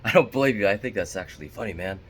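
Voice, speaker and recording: A man's voice: fairly low pitch, animated, quick pace, fairly bright tone, slightly rough. Chatty man talking to camera. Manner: candid, chatty, self-deprecating. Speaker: vlogger. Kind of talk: casual talk to camera.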